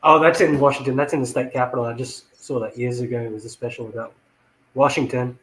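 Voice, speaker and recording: A man's voice: mid-range voice, steady tone, quick pace, fairly bright tone, echoey room, poor audio. A man making brief, agreeable remarks as co-host in a casual livestream chat.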